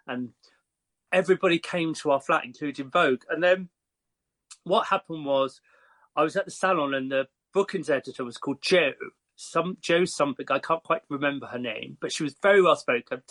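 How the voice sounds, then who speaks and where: An English man in his fifties tells stories as a podcast guest, in a fairly high voice. He talks in a lively, chatty way with plenty of fillers. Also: brisk. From Croydon, England. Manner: lively, chatty, laughs often, with frequent fillers. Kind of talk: casual storytelling.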